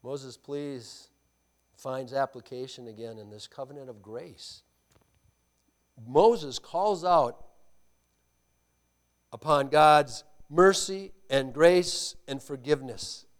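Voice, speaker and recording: A man preaching a sermon as pastor, emphatic, asking the congregation rhetorical questions and swinging between loud stresses and quiet asides. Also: mid-range voice, slow, pauses often.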